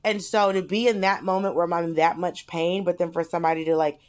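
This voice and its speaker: A woman chats casually on a podcast and tells a story with lively expression. Her voice moves up and down as she talks. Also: fairly low pitch, fast. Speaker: podcast co-host.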